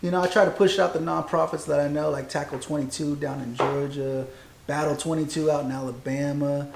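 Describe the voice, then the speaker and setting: A man's voice: fairly high pitch, steady tone, fairly quick, creaky, a crowd in the background. A man in his forties hosting a casual podcast chat, rambling in a loose, profane way with lots of fillers. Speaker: podcast host, Marine veteran. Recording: echoey room.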